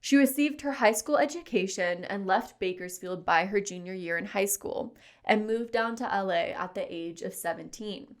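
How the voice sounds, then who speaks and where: A woman's voice: medium pitch, moderate pace. A woman co-hosting a podcast, reading notes and chatting casually, laughing often. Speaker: podcast co-host. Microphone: studio podcast mic.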